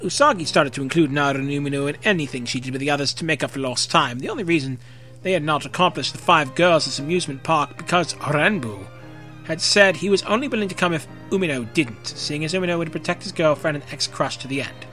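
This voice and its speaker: Young guy reading fanfic out loud, bright voice, jokey asides. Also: on the high side, fast, soft background music. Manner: casual, jokey, swears freely. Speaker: fan fiction reader. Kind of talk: reading fan fiction aloud with casual commentary.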